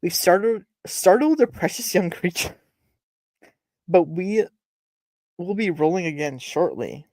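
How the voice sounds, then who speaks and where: A woman's voice: fairly low pitch, animated, unhurried, long pauses, darkish tone, no room sound. A woman voicing a courteous older man in his sixties who leads a pioneer wagon train, read aloud from a novel. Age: 60s. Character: kindly older male pioneer wagon leader.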